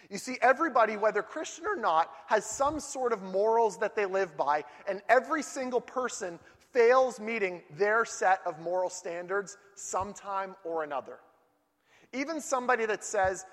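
A man preaching a sermon to a group in a church hall, telling lively stories and acting out voices and outbursts. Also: sits high, normal speed. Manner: animated storytelling, acts out voices and outbursts. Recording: long hall reverb.

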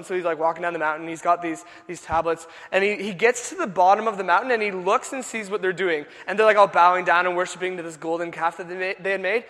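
Give me a young male preacher with a bright, high voice, echoing in a big hall. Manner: animated, casual retelling with many "like" fillers. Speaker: youth pastor. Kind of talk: sermon. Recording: long echo of a large hall.

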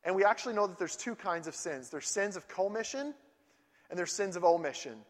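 High-voiced preacher man in a reverberant hall. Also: fairly quick. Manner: animated storytelling, acts out voices and outbursts. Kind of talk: sermon.

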